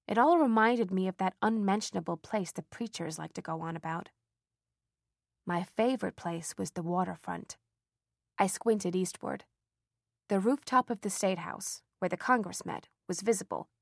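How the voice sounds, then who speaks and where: A woman reading a first-person story aloud as an audiobook narrator, with lively, expressive emphasis. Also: mid-range voice, gravelly, dry recording, studio quality.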